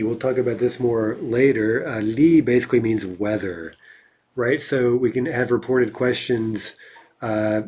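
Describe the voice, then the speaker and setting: A man's voice: mid-range voice, a little mellow, husky. A man giving an explanatory grammar lecture as a language teacher, often checking in with a questioning "right?".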